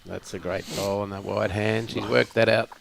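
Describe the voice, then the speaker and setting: Gravelly bowls co-commentator. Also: male voice, lowish voice, fairly even intonation, a little hiss or hum. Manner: agreeable, brief affirmations and measured analysis. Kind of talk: live sports commentary.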